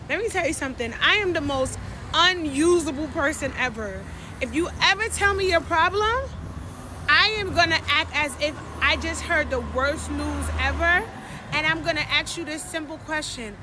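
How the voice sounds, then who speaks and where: A woman with a very high voice talks sassily to the camera and plays out mock gasps to make her point. Traffic noise runs clearly behind her outdoors. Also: lively intonation, measured pace. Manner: sassy and mocking, acts out mock gasps. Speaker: content creator. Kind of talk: candid monologue to camera.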